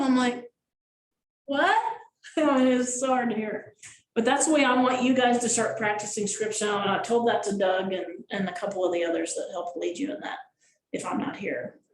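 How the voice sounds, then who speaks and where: A woman leading a group coaching session, animated and acting out gestures and little voices as she explains. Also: medium pitch. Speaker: sales coach. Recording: echoey room, mic far off, faint noise.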